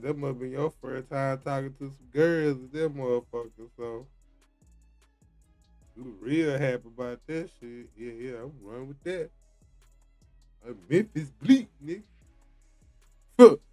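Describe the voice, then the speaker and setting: A streamer reacting to a clip, laughing and speaking loosely with profanity. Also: male voice, medium pitch, mellow. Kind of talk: reaction commentary.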